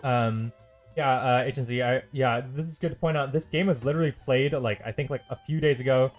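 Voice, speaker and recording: A male stream host casting a strategy game match solo, at a middling pitch and in a loose, chatty way. His talk is full of ums and uhs, with dry, sarcastic asides. Faint music plays underneath him. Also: brisk. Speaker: esports caster and stream host. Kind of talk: solo live game commentary.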